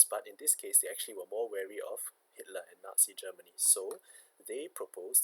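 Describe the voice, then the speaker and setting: Low husky male history teacher. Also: rough recording. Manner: explanatory, frequent "okay" check-ins. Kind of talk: recorded history lesson.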